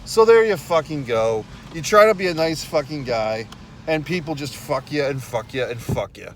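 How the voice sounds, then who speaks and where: A man's voice: on the high side, expressive, normal speed, a little hiss or hum. A man vlogging outdoors, telling a story in a blunt, profane, exasperated way straight to his viewers. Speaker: YouTube vlogger. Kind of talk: casual rant to camera.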